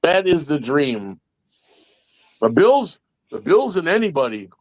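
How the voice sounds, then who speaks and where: A man's voice: on the high side, very animated, measured pace, dry recording, poor audio. A man joking and teasing in casual stream banter. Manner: jokey, teasing.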